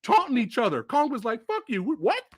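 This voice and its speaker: A man hosting a movie review show, ranting excitedly and profanely with loud bursts. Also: very high-pitched, a little fast, slightly rough. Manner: animated, profane, shouting bursts. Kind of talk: excited film review rant.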